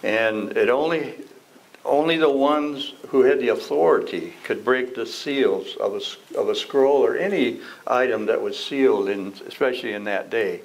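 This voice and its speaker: A man's voice: medium pitch, moderate pace, low-quality recording. A man teaching an adult Sunday school class, reading scripture and asking the class questions in a conversational way. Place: church classroom.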